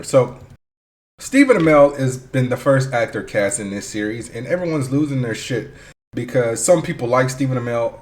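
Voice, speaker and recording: A man hosting his own podcast, talking casually and thinking aloud, with fillers and the odd curse. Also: medium pitch. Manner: rambling and loose, thinks aloud with fillers and swearing; hyped, shouty intro. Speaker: podcast host. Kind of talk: casual solo podcast talk.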